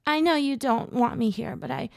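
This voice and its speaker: A woman narrator voicing a sick young woman who speaks in a shaky, pleading, higher voice. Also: lively intonation, slow pace, dry recording, clean studio sound. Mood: tearful.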